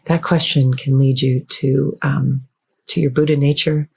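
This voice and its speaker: Husky woman talking gently on a podcast, reassuring, keeps repeating her phrases. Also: a bass voice, level tone, a little slow. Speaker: guest author. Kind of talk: podcast interview conversation.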